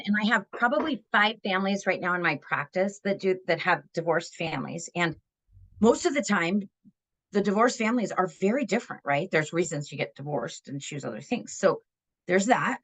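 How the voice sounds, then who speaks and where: A woman's voice: lowish voice, lively intonation, brisk, fairly bright tone, husky. A middle-aged woman giving a parenting webinar, talking in an earnest, conversational way and often checking in with "right?". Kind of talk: webinar presentation.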